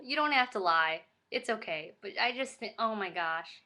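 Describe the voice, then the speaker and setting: A woman's voice: mid-range voice, animated, normal speed, hardly any pauses, sharp tone. A young woman vlogging casually to camera, gushing and giddy with lots of fillers.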